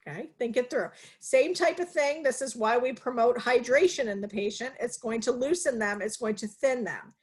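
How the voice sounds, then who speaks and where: A nursing instructor with a fairly high, breathy-edged voice teaches students energetically in a live online video-call class. She poses questions to the class and answers them herself, speaking at normal speed with hardly any pauses.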